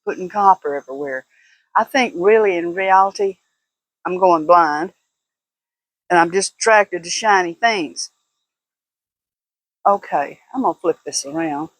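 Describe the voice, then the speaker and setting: A woman's voice: fairly low pitch, unhurried, pauses often, rough recording. An older woman chatting casually to camera as a vlogger, laughing often in a folksy way. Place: at home, walking indoors and out.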